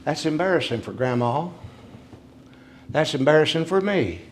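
A man preaching a sermon, swinging from emphatic raised points to soft, quiet storytelling. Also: a little high, expressive, moderate pace, a little hiss or hum.

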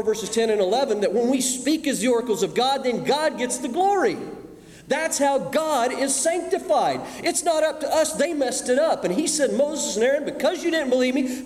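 A man preaching a sermon, swinging between loud emphasis and hushed asides. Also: very high-pitched. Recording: echoey hall with long reverb.

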